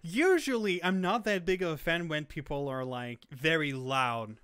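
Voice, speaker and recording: Young male podcast co-host, bright and clear-voiced, rambling and excitable. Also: fairly high pitch, moderate pace. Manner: excitable, rambling, many fillers. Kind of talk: casual chat.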